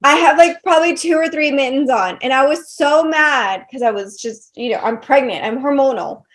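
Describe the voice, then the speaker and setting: A woman from South Texas with a high voice tells stories on a podcast. She is animated and chatty and fills her talk with little fillers. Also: normal speed. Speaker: guest. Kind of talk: casual podcast storytelling.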